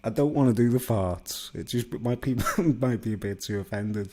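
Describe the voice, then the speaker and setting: A man's voice: on the low side, normal speed, darkish tone. A man delivering a digressive, conspiratorial solo monologue, constantly seeking agreement. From England. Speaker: vlogger.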